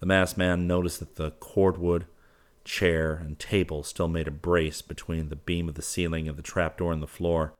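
Deep-voiced male audiobook narrator. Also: flat delivery, normal speed.

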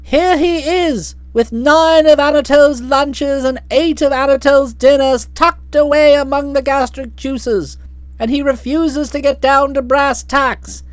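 A woman's voice: high voice, steady tone, unhurried, dry recording. A woman reading an audiobook, voicing a blustering, hearty middle-aged aunt who talks in bluff, slangy outbursts. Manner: bluff, hot-tempered, slangy.

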